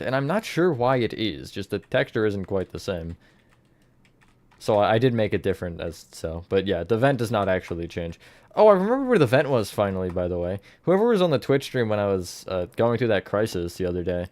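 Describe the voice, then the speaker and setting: A man with a lowish voice chats loosely through a live stream. He rambles and thinks aloud as he builds, stopping now and then to greet viewers. The sound is close and dry, with keyboard typing behind him. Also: darkish tone, dry recording. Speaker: livestreamer building in a game. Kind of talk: casual live-stream chat.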